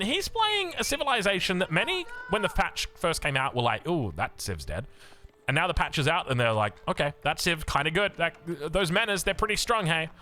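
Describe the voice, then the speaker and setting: Lively Australian man casting a game. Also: fairly high pitch. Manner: excitable, chatty, joking asides. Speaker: esports caster. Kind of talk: live game commentary.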